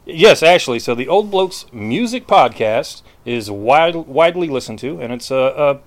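A man from the United States doing casual street interviews outdoors, with a playful, mock-grand, deadpan way of talking. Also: mid-range voice, normal speed, dry recording. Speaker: street interviewer, podcast reporter.

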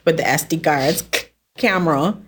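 A woman with a notably low voice chats as a podcast guest. She talks through her stories casually and laughs often. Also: lively intonation, unhurried, fairly bright tone. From The Bahamas. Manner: chatty storyteller, laughs often. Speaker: podcast guest, sports volunteer. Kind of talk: casual chat.

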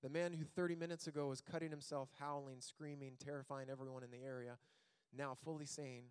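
A man preaching a sermon as pastor, telling a Bible story in an animated, joking way and acting out the quotes. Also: mid-range voice, brisk, clean tone. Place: church sanctuary.

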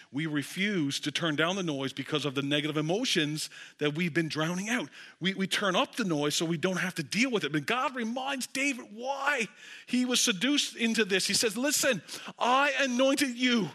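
A pastor preaches a sermon in church, telling a story with lively asides to the congregation. His voice is fairly high-pitched.

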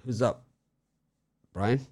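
A man hosting a sports betting show, chatting casually about baseball picks and telling stories with animated bursts that trail off low. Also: very slow, no room sound.

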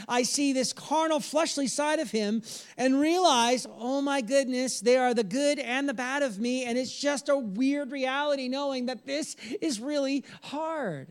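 A man in his thirties preaching a sermon as pastor, animated and joking, with sudden soft, earnest passages. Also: extremely high pitch, measured pace, smooth.

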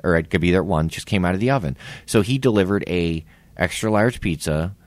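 Podcast co-host, forties, low voice that swings wide, profane and animated, dry sound. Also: male voice, no room sound. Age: 40s. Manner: animated, swearing, acts out quotes. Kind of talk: casual storytelling chat.

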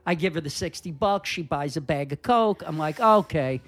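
A man guest on a comedy podcast telling a story casually, animated and profane, acting out the voices of the people in it. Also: fairly high pitch, moderate pace. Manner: animated, profane, acts out dialogue.

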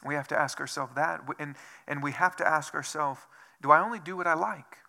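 A pastor preaches a sermon in church, repeatedly posing rhetorical questions and dropping to a whisper for emphasis. His voice is fairly high-pitched, brisk, creaky and sharp in tone.

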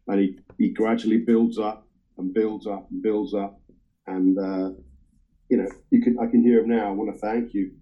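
A man with a very dark, mellow voice and a rather low pitch, talking about records in a casual chat. He hesitates often with ums and uhs, and his enthusiasm comes through. The sound is dull and lo-fi. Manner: enthusiastic record collector talk. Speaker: co-host sharing record picks.

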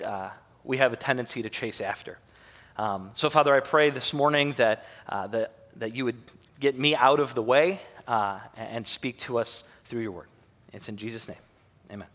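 A man's voice: medium pitch, fairly bright tone. A man in his thirties from Michigan, with a Michigan accent, preaching a sermon in a folksy, self-mocking way, full of fillers and restarts. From Michigan, USA. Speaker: pastor. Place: church sanctuary. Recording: long hall reverb.

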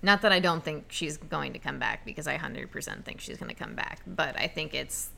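A woman's voice: deep voice, fairly quick, gravelly, a little hiss or hum. A woman co-hosting a podcast, casually recapping comics and laughing easily. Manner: relaxed, laughs often, recaps plot. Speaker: podcast co-host. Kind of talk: casual chat about comics.

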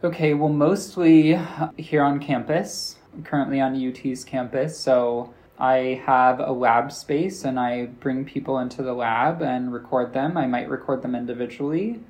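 An American man talks through an interview at an ordinary middle pitch, loose and conversational. He strings his thoughts together with fillers and slips into quoting people as he tells a story. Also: steady tone, measured pace, hardly any pauses, a little mellow. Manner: chatty storyteller, acts out quoted dialogue, many "like" fillers. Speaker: interview guest, linguistics professor. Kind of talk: casual interview answers.

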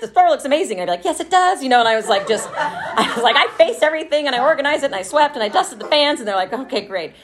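Wry, candid woman, lowish voice. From Texas. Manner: candid, wry, laughs through dark memories, many fillers like "like". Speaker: storyteller. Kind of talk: personal storytelling to a live audience.

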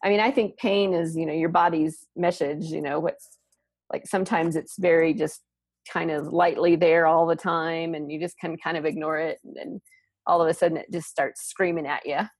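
A woman co-hosting a podcast, talking in a thoughtful, rambling way with many "you know"s and a husky voice. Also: deep voice, fairly even intonation, normal speed, dry recording. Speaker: podcast co-host. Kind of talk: casual podcast chat.

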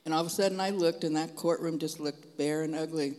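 Animated man preaching in a reverberant hall. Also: on the high side, fairly quick. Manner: animated storytelling, frank and folksy. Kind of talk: testimony preaching.

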